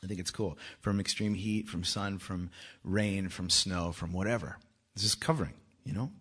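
A man with children, a worship leader giving a joking testimony talk to a church that rises into loud, urgent exhortation. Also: sits low, normal speed, slightly rough. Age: adult with children. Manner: joking, self-mocking, often laughing.

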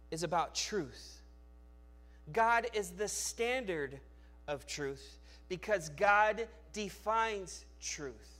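High-voiced man preaching a sermon. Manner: dynamic preacher, swings from loud emphasis to quiet low asides. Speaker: pastor.

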